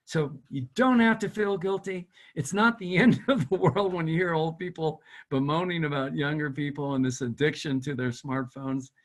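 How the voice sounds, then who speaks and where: A man's voice: a little high, normal speed, few pauses. Older man, retired prof type, earnest and stirring, video call audio. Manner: earnest, emotional, exhorting. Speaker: guest speaker, retired professor. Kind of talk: lecture over video call.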